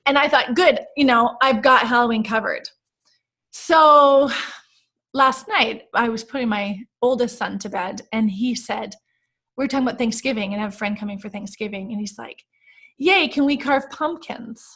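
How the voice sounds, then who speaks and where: An American woman hosting a relaxed conversation, her voice sitting on the higher side. She tells stories with lively, emotional energy and plenty of fillers. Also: normal speed. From United States. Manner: animated, emotional storytelling. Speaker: host. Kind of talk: casual podcast chat.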